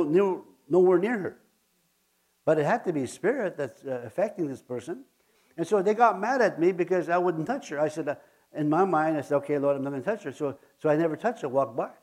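Male preacher, slightly high voice, earnest, stumbles and repeats himself mid-sermon. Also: lively intonation, a little mellow. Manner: earnest, halting, often repeats words.

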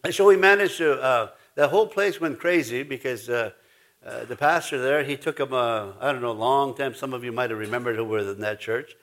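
A man's voice: medium pitch, fairly quick, fairly bright tone. A man preaching a sermon, telling rambling stories with restarts, laughter and many asides. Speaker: pastor.

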